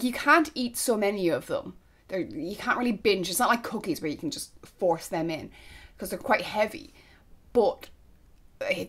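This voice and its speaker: A woman's voice: on the low side, a bit bright. A young Irish woman chatting casually to camera as a vlogger, gushing and now and then dropping to a whisper. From Ireland.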